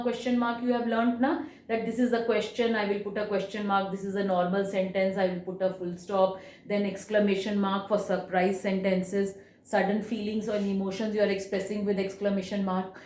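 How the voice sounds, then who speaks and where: A woman teacher gives a reading lesson, stretching key words and shifting pitch and loudness to demonstrate. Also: fairly even intonation, normal speed, few pauses, roomy sound.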